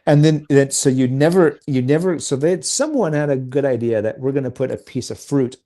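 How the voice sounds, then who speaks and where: A man's voice: medium pitch, a little fast, dark tone. A man chatting casually as a podcast guest, laid-back, recalling army training and laughing often. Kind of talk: casual chat.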